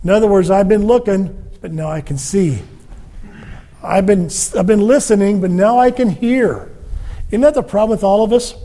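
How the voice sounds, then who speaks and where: High-voiced man preaching a sermon. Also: moderate pace. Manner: animated, acts out quoted speech.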